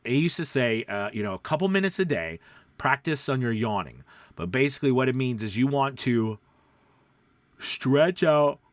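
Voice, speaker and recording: A man teaching voice-over in a casual video lesson, speaking close to the microphone and showing how his voice drops deep and quiet. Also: expressive, a little fast, no room sound. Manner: demonstrates pitch, drops deep and quiet then rises. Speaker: voice-over coach. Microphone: close studio mic.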